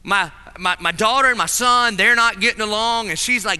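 A man preaching a sermon with a high, very bright and sharp tone, lively and theatrical as he acts out small scenes. His voice rings with the long reverb of a big chapel hall. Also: quick pace, few pauses, clean tone. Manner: animated, acts out voices in stories.

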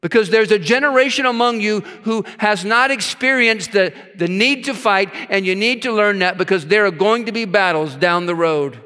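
A man's voice: high voice, normal speed, few pauses, sharp tone, clear, resonant tone. A man preaching a sermon, reading scripture aloud and stopping to stress words with his own asides. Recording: long hall reverb.

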